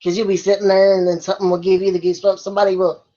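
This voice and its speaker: A woman's voice: medium pitch, level tone, rapid-fire, mellow, muffled recording. A woman vlogger answering viewer questions in a casual chat, often breaking into laughter.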